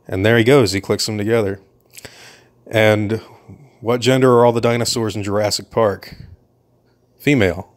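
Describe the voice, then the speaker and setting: A man's voice: on the low side, fairly even intonation, normal speed, long pauses. A man giving casual, enthusiastic commentary over a film and laughing often.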